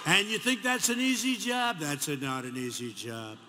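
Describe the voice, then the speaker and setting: A politician in his seventies with a New York accent speaks in a fairly high, steady voice at a normal pace. His campaign rally speech rambles, full of repetition and mocking asides, and the echoey arena carries faint crowd noise.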